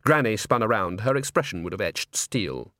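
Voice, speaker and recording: A man reading an audiobook in measured, wry scripted narration on a close microphone. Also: fairly low pitch, expressive, bright, forceful tone, no echo.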